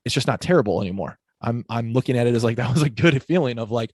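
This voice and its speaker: A man's voice: mid-range voice, quick pace, slightly rough, no echo, studio quality. A man from Illinois, a fitness coach guesting on a podcast, talking casually and enthusiastically, laughing often and filling his sentences with "like". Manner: energetic, enthusiastic, heavy use of "like", laughs often.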